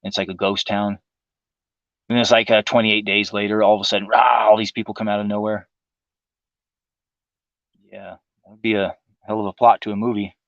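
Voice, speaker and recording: A man's voice: fairly low pitch, little pitch movement, normal speed, gravelly, long pauses, fairly bright tone, dry recording, lo-fi sound. A man hosting a livestream, delivering a profane, sarcastic political monologue in a casual ranting manner. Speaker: livestream host.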